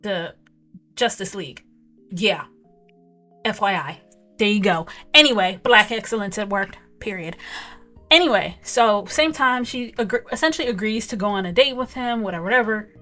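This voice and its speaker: A woman hosting a casual movie review, talking in an animated, emphatic way with lots of asides. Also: medium pitch, moderate pace, faint music behind. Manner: animated, emphatic, repeats "okay?" and "whatever". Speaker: film reviewer, host.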